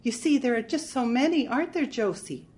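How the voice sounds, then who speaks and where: A vain, wide-eyed widow who talks in a breathless, little-girl voice that rises high, as a woman reads her aloud. Her lines sound airy and naive. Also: expressive, brisk, a little mellow, close to an everyday voice. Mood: girlish.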